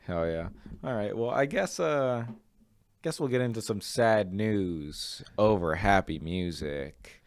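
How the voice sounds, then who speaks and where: A young man hosting a podcast in a relaxed, hesitant way, with many fillers. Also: on the low side, slow. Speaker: podcast host. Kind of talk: casual podcast chat. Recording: faint music behind.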